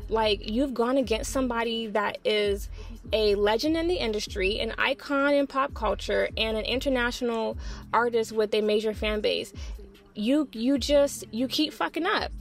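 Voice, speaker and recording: Blunt, gravelly woman ranting. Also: fairly high pitch, normal speed, faint music behind. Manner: blunt, profane and exasperated. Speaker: pop culture commentator. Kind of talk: opinionated solo commentary.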